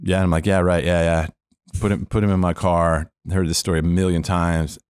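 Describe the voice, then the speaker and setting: A man's voice: low voice, brisk, clean tone, no echo, studio quality. A man, a former police officer, telling a long story as a podcast guest, acting out the people in it and laughing now and then. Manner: animated storyteller who acts out the people he quotes; laughs often while telling. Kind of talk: storytelling interview.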